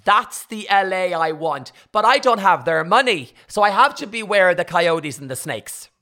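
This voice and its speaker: An Irish woman hosting a casual chat, telling animated stories and acting out the exchanges she quotes. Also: on the low side, moderate pace.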